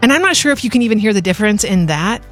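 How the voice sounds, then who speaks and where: A woman's voice: mid-range voice, expressive, rapid-fire. A woman hosting a radio show, telling a story and acting out the quotes, over faint music. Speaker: radio host. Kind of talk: devotional radio talk.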